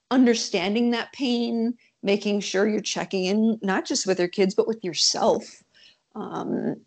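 A woman's voice: mid-range voice, creaky, darkish tone, slightly rough. A woman in casual podcast conversation, speaking candidly and hesitantly, with many ums and restarts.

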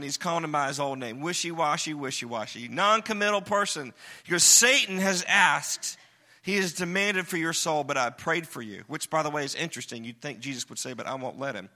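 A man preaching a sermon to a congregation, animated and joking as he acts out quoted lines. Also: a little high. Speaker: pastor.

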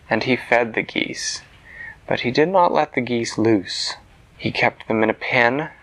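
A man telling a bedtime story to a child in a gentle voice that sometimes drops to a soft whisper. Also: on the low side, poor audio.

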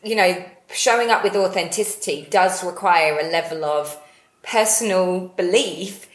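A woman's voice: on the low side, a little slow, roomy sound. A woman co-hosting a podcast, reflective and teasing, laughing easily. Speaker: podcast co-host. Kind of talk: casual conversational podcast chat.

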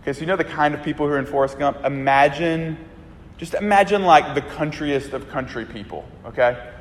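A man from a small town in Alabama preaches a casual, lively sermon, his voice sitting slightly high. He leans into storytelling, acting out the voices in the scenes he tells. The sound carries the long, ringing reverb of a big church hall. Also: fairly quick. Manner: conversational and animated, acting out voices in Bible stories and anecdotes.

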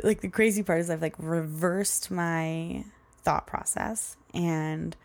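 A woman's voice: on the low side, creaky, darkish tone. A young woman hosting a podcast, telling a story in a chatty, rambling way and laughing often. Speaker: podcast host. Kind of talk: casual solo podcast storytelling.

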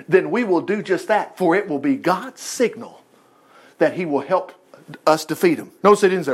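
High-voiced guy reading a bible story, keeps stopping for excited asides. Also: normal speed, slightly rough. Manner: animated, digressive asides. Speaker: Bible teacher.

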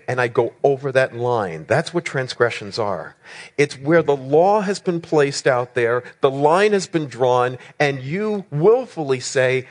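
A man preaching a sermon with a voice of middle pitch. He drives his points home with rhetorical questions and strings of words, and he rises and falls in pitch for emphasis. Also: animated, unhurried.

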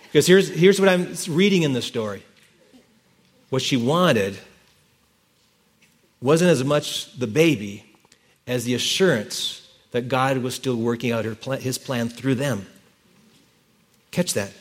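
A man preaching a sermon as pastor, telling the story in a lively way and correcting himself as he goes. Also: mid-range voice, a little slow, long pauses.

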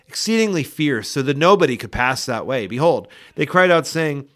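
Man reading scripture with lively pitch. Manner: expressive, measured scripture reading. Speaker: scripture reader. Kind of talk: Bible reading podcast.

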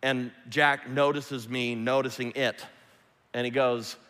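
A man's voice: mid-range voice, little pitch movement, slow pace, fairly bright tone. A middle-aged man preaching a sermon as a pastor, earnest and repeating phrases for emphasis, speaking in a large church hall. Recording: long hall reverb.

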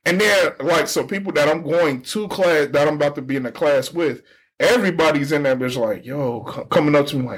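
A man's voice: fairly high pitch, a little fast, husky. A young man casually telling a long story on a podcast, slangy, acting out what people said. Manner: animated storyteller, slangy, acts out quoted people. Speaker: podcast co-host.

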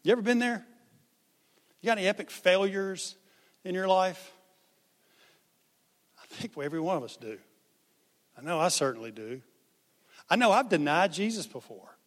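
A man's voice: high voice, normal speed, long pauses, in a large hall. A man giving a sermon as pastor, talking conversationally and acting out the people in the story. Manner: conversational, animated, acts out quotes.

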